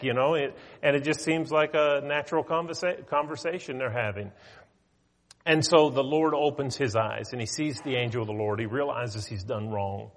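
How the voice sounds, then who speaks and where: A man preaching a sermon, retelling a story in a conversational, animated way. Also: fairly high pitch. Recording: long hall reverb.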